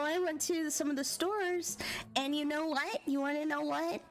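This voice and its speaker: An American woman telling a travel story in casual, chatty vlog talk, giggling often and animated. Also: high voice, normal speed, soft background music. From United States. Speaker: vlogger.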